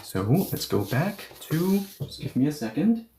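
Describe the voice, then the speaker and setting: A man teaching a language lesson, explaining step by step with frequent okays and yeahs and reading example sentences slowly for learners. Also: a little high, big pitch swings, noisy background.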